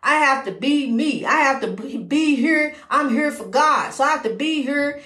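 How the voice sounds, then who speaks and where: A woman's voice: sits high, expressive, moderate pace, pushed and bright, reverberant. A woman hosting her own podcast, talking in a folksy, rambling way full of "you know" while giving faith-based encouragement. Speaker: podcast host. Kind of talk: casual inspirational talk.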